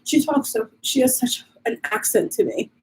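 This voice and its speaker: In a low-quality recording, a woman with a high-pitched, somewhat dark voice hosts a casual livestream from home at a moderate pace. She chats and reads viewer comments aloud while coping with allergies and a runny nose.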